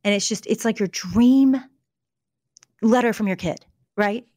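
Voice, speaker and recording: A woman's voice: medium pitch, measured pace, mellow, dry recording, studio quality. A middle-aged woman, an author speaking as a guest in an interview. She talks in an earnest, storytelling way, with frequent restarts. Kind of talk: conversational interview about faith and emotions.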